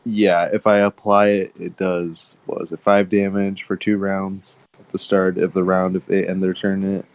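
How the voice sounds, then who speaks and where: A man's voice: low voice, flat delivery, normal speed, dry recording, highs cut off. A man playing in a tabletop game, talking in a laid-back, hesitant way. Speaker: player. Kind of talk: casual tabletop play.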